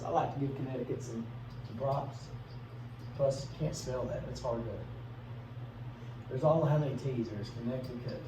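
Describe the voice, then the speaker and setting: A man teaching a class in a casual, conversational way, asking his students questions and briefly acting out voices. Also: mid-range voice. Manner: conversational, asks the class questions, acts out quick bits in funny voices. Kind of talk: classroom lecture. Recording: echoey classroom from a distance, faint room noise.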